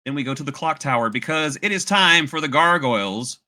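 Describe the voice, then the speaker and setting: A man's voice: on the high side, expressive, brisk, pushed and bright. An American man hosting a podcast, recapping a cartoon in a playful, laughing casual chat. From United States. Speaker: podcast host.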